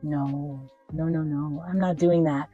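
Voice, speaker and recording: A woman's voice: low voice, fairly even intonation, unhurried, dark tone, dry recording, dull audio, soft background music. A woman talking casually as a fashion vlogger, chatty and emphatic in a playful way. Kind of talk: casual product review.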